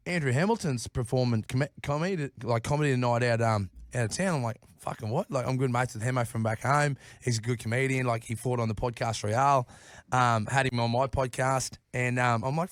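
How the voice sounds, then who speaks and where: A man's voice: medium pitch, dry recording. Rambling, swearing New man. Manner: rambling, swears constantly, laughs often. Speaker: podcast guest. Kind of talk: casual chat. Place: podcast studio.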